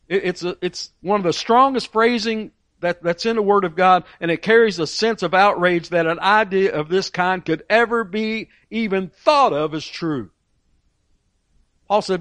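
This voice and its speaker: A man's voice: sits high, moderate pace, a bit bright, dry recording. A man preaching a sermon, asking rhetorical questions and repeating key phrases for emphasis.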